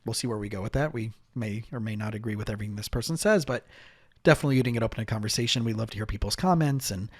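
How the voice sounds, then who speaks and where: A man's voice: fairly low pitch, racing, breathy edge, no echo, clean studio sound. A man hosting a podcast as a marriage and family therapist, chatting casually with lots of fillers and restarts.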